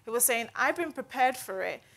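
A woman's voice: on the high side, lively intonation, fairly quick, fairly bright tone. A woman giving a conversational Bible teaching in an earnest, chatty way, often checking in with "right?". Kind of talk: conversational devotional talk.

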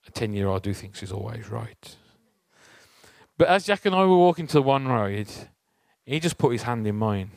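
A man's voice: mid-range voice, expressive, moderate pace, darkish tone, dry recording. Guy preaching, chatty storytelling, asks the crowd questions, dry close sound. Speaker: church speaker. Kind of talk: conversational sermon with personal story.

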